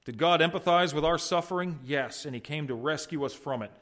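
A middle-aged male pastor delivering a sermon. His voice sits a little high for a man. He preaches earnestly, rising loud and falling soft as he makes his points. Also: a little fast. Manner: earnest preaching with wide swings in loudness and pitch.

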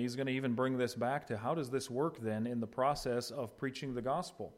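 A male pastor delivering a sermon, his voice at a middle pitch. He swings often between hushed, low stretches and loud, raised ones, acting out the voices he quotes. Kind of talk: expository sermon.

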